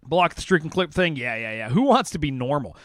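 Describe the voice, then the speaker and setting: A man streaming games and chatting casually with viewers, excitable and rambling, saying "man" and "dude" all the time. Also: fairly high pitch, a little fast, no room sound. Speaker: game streamer. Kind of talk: casual livestream chat with viewers.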